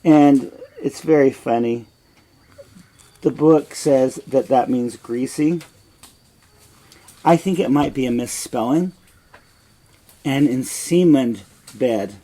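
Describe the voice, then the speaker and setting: Slow-talking, blunt male teacher. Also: medium pitch, mellow, rough recording. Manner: blunt, frank, unhurried retelling. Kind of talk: explaining a play line by line.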